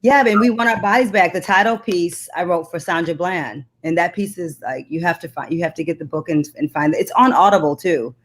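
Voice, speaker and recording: A woman poet recites spoken-word poetry built on repeated refrains, then talks earnestly and reflectively as an interview guest. Her voice is lowish, and she speaks briskly with few pauses.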